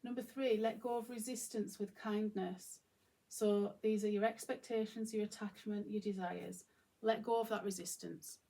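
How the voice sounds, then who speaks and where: A woman talks through her thoughts in an easy, informal way, often pausing and restarting her sentences. Her mid-pitched voice carries a noticeable gravelly fry. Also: steady tone, mellow. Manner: musing, informal, many fillers and restarts. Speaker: channel host. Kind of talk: reflective solo talk to camera.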